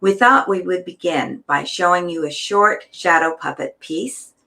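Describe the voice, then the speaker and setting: A woman's voice: fairly low pitch, a little slow, gravelly, bright, forceful tone. A woman puppeteer introducing a shadow puppet performance.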